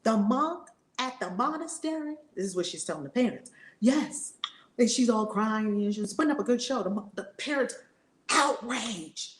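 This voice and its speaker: A woman spiritual teacher telling a story in an animated, conversational way. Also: on the high side, normal speed, roomy sound. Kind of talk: storytelling lesson.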